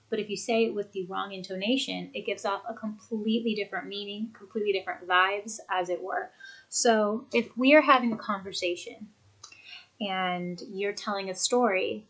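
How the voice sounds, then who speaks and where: A woman teaching an English lesson from a home desk, speaking clearly and deliberately as she demonstrates intonation. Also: medium pitch, fairly bright tone, poor audio. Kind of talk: recorded lesson. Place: home office with a computer.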